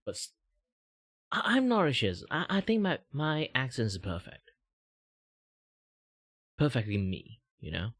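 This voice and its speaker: A man's voice: wildly swooping pitch, unhurried, pauses often, a bit bright, dry recording. A young man from Malaysia with a light British lilt on his Malaysian English chats casually on a livestream. He rambles and stretches out his words. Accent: Malaysian English with a slight British lilt. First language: Mandarin. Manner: rambling, jumps between high and low pitch. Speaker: VTuber streamer.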